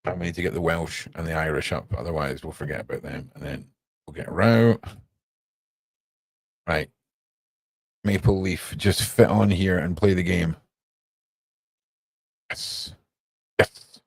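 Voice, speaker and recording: A man's voice: deep voice, steady tone, a little slow, gravelly, long pauses, breathy edge, no echo. A man chatting casually on a live stream, muttering to himself as he works and tossing off playful asides.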